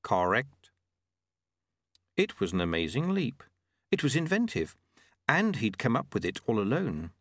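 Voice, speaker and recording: A man narrating a fantasy novel with an animated, rising-and-falling delivery. The recording is close and dry, with no room sound. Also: medium pitch, normal speed, dry recording. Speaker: audiobook narrator. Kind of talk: scripted narration.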